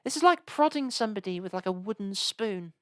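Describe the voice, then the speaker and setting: A woman's voice: medium pitch, expressive, a little fast, dry recording. A woman chatting casually and rambling while she live-streams old games. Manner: rambling, chatty, lots of restarts and asides.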